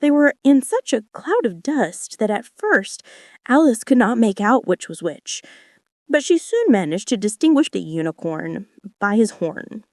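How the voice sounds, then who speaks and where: Gentle woman reading a bedtime story. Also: big pitch swings, unhurried, no echo, clean studio sound. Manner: gentle, acts out voices with wide pitch swings. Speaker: narrator.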